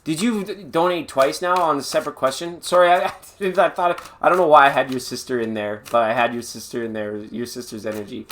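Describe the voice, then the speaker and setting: A man's voice: medium pitch, a little fast, few pauses, fairly bright tone, slight background noise. A man doing a live-stream tarot reading in a chatty, playful way with sing-song asides. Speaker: tarot reader.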